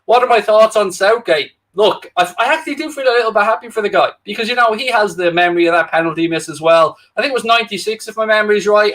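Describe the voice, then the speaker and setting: A young Irish man co-hosting a live football watchalong, talking straight to his viewers in a loose, joking way. His voice sits high and sounds bright and forward. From Ireland. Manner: chatty, jokey, addresses viewers directly. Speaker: co-host of a football watchalong livestream. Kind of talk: casual livestream chat reading out viewer comments.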